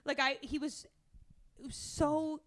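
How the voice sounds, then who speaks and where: A woman from Canada, telling a comedic story as a podcast guest in a chatty, animated way. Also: high voice, unhurried. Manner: chatty and animated, laughs often between phrases.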